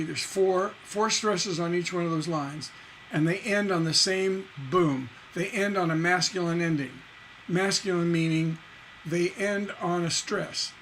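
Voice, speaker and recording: A middle-aged man leads a songwriting lesson in a fairly high voice. He talks with emphatic energy and breaks into recited or half-sung lyric lines to make his points. A faint hum sits under the recording. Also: moderate pace, a bit bright, rough recording. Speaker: songwriting instructor.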